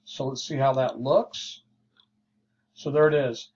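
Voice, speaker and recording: A man teaching a programming lesson, walking through code slowly and thinking aloud as he explains. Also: medium pitch, fairly even intonation, a little mellow. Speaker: programming instructor. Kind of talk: screen-share coding lesson. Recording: dull lo-fi mic with faint hiss.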